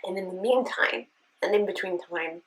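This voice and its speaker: A woman's voice: mid-range voice, normal speed, rough recording. A woman vlogger telling an emotional personal story, earnest and sometimes near tears, often checking in with a "right?". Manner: earnest, tearful at times, with rhetorical "right?". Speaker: beauty vlogger.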